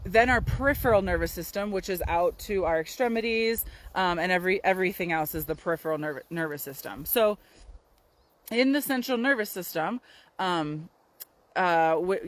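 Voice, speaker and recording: A naturopathic doctor with a medium-pitched voice chats casually about health into a handheld phone camera outdoors on a windy day. The recording quality is low, and her talk is full of fillers and "right?" tags.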